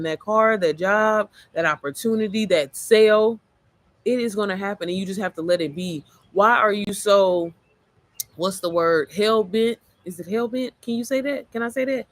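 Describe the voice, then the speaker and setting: Hoarse, rambling woman on a livestream. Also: medium pitch, no room sound. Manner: rambling, easily sidetracked, profane and chatty. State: voice worn, a bit hoarse. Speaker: mom entrepreneur livestreamer. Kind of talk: casual motivational livestream chat.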